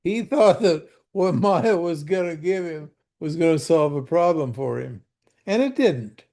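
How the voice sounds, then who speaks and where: Older man teaching slowly, folksy and mellow. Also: a little high, lively intonation. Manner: folksy, asks the class questions, repeats words. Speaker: spiritual teacher. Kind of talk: conversational scripture teaching. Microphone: video call.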